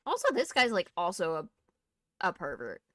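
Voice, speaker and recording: A woman's voice: fairly low pitch, huge pitch swings, measured pace, a bit bright, no room sound. A young woman streaming a game, chatting casually with laughing asides and the odd swear. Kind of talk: casual gaming commentary.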